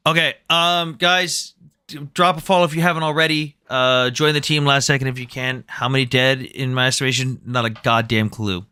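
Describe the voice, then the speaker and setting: A man's voice: medium pitch, fairly even intonation, normal speed, bright, forceful tone, smooth, dry recording. Blunt, cursing man hosting a debate stream. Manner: blunt, argumentative, swears freely. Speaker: debate livestream host.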